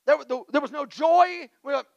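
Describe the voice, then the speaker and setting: A male pastor, preaching a sermon with a personal story and energetic call-and-response exhortations. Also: extremely high pitch, normal speed, dry recording, highs cut off. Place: church.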